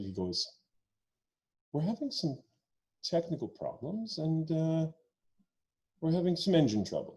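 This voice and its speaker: Animated man telling a profane story. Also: fairly high pitch, poor audio. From Quebec, Canada. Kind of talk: personal storytelling at a story slam. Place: virtual event.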